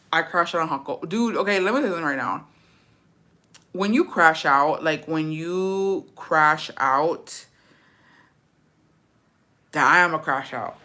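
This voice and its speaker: A woman's voice: low voice, pushed and bright. Chatty, profane young woman storyteller. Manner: profane, chatty, mixes in Spanish words. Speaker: livestreamer. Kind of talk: casual storytelling chat.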